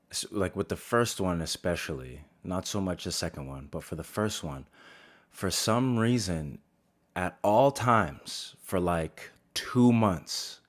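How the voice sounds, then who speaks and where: A man in his thirties doing a stand-up monologue, telling his stories in a profane, exasperated way. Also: sits low. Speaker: stand-up comedian.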